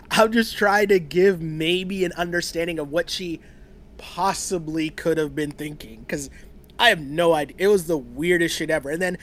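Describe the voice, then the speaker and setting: A man's voice: high-pitched, fairly bright tone. A man in his thirties co-hosting a casual chat, rambling through a theory with frequent laughs. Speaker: podcast co-host. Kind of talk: casual chat about a reality show.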